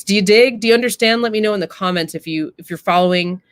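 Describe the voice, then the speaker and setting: Woman host, casual reflective talk straight to her viewers, mid-pitched, dry close sound. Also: quick pace, few pauses, no room sound. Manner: earnest, addresses viewers directly. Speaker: live-stream host.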